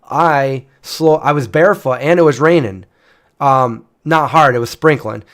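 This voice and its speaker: A man in his forties tells a long personal story in a loose, chatty way. His pitch sits in the middle, and he keeps doubling back with fillers and restarts. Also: measured pace, a bit bright. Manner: rambling, with frequent restarts and fillers. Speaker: channel host. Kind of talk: casual storytelling.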